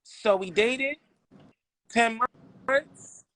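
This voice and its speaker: A middle-aged man from New York City, a podcast guest telling candid personal stories in an animated, emphatic way. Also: very high-pitched, very slow.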